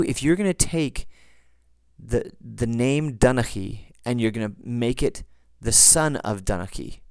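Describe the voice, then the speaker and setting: A man's voice: mid-range voice, a little mellow, no room sound. A man hosting a podcast, explaining things in a chatty, digressive, teacherly way. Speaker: podcast host. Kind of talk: casual explanatory podcast talk.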